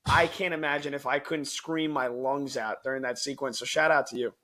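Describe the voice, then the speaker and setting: A man's voice: mid-range voice, fairly even intonation, brisk, sharp tone. A man co-hosting a sports podcast, chatty, enthusiastic and teasing in his banter. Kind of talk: casual sports chat.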